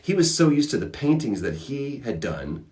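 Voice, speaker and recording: A man hosting a casual livestream, answering fan questions with reflective advice and animated storytelling. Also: medium pitch, moderate pace. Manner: animated storyteller acting out characters.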